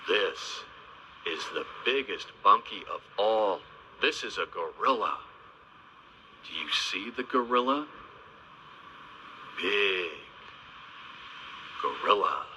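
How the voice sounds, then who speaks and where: A man narrating a children's video in a slow, sing-song teaching voice, stressing each animal name with gentle, exaggerated emphasis. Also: lowish voice, expressive, slight background noise. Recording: dull, lo-fi old video soundtrack.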